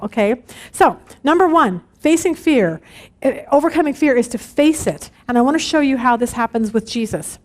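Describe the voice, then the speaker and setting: A middle-aged woman leads a women's Bible study. Her voice sits high and bright, and she tells her stories in an animated way. She keeps checking in with the group as she goes. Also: moderate pace. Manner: animated, storytelling with frequent "okay?" check-ins.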